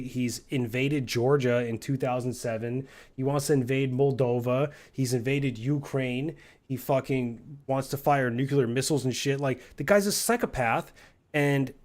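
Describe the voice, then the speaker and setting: A man streams a game while ranting, his mid-range voice getting heated and argumentative. He swears freely and presses his point hard, talking over his friends. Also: medium pitch. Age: adult, married with a son. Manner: profane, fired-up, argumentative.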